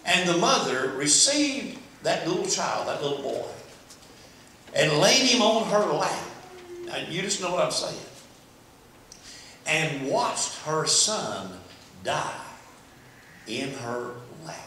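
Male pastor, folksy sermon that climbs to shouting, bright tense tone, faint room hum. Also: fairly high pitch, big pitch swings, slow, long pauses. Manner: folksy, repetitive preaching that builds to shouting. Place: large echoey church sanctuary. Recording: echoey church from a distance.

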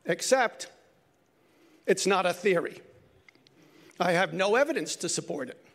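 An older man gives a brief lightning talk at a conference. His voice sits high for a man and has a gravelly, fry-edged texture. He speaks earnestly and reflectively, sometimes correcting himself mid-phrase. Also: lively intonation, measured pace, a bit bright.

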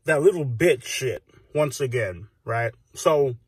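A man's voice: medium pitch, animated, slow, husky, no room sound. A man in his thirties from the United States, ranting heatedly with constant swearing and filler phrases as a vlogger recording on his phone. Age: 30s. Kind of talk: profane rant to camera.

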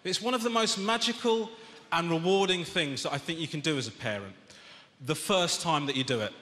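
A British man doing a stand-up routine, exasperated and ranting, his voice rising to shouts. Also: fairly high pitch, a little fast. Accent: British English. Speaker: stand-up comedian. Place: large theatre stage with audience laughter. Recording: echoey theatre hall, audience noise.

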